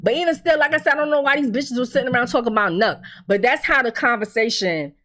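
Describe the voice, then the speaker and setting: A woman's voice: on the high side, fast talker, fairly bright tone. A woman giving a casual, blunt, profane recap of a TV episode, acting out the characters' lines as she goes.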